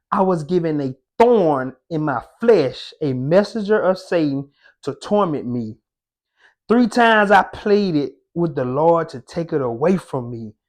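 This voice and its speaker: A young man giving an impassioned devotional talk, fervent and preacher-like, with casual slang. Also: a little high. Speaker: faith content creator.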